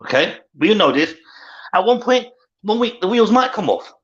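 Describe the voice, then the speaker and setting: A man talking as a guest in a casual football chat, animated and blunt, swearing casually. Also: sits high, normal speed. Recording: dull lo-fi video call audio.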